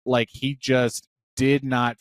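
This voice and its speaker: A man in his thirties co-hosts a podcast, rambling excitedly and swearing freely as he talks films. The sound is dry and close to the mic, with no room around him. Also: medium pitch, slow, dry recording. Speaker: podcast co-host. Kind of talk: casual chat.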